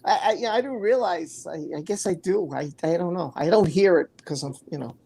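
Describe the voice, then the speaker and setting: A woman's voice: on the low side, fairly quick, vocal fry, dark tone, slight background noise. A woman with a New York accent hosting a casual livestream chat, reading out viewer comments and chatting loosely. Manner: chatty, reads viewer comments aloud, laughs easily. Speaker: host.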